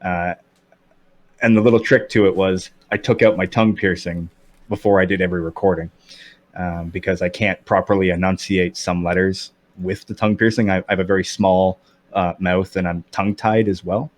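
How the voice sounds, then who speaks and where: Guy in his 30s, slight lisp, low voice, rambly casual podcast chat, dry sound. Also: fairly even intonation, moderate pace, dry recording. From Canada. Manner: rambling, candid, many fillers and restarts. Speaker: podcast guest.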